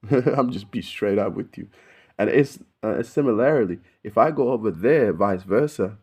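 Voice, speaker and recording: Australian male host, low and mellow, slangy, profane, rambling storyteller. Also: expressive, measured pace, breathy edge. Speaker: video host. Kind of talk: casual storytelling to camera.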